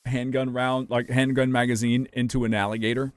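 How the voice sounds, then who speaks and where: A man's voice: mid-range voice, little pitch movement, brisk, no echo. A young man from the United States, a streamer rambling casually to his chat while gaming, loose and profane.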